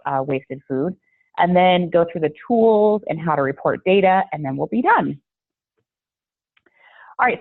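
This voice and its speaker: A woman giving a friendly, chatty online training talk over a video call, with many fillers. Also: fairly low pitch. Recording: tinny phone-like call audio.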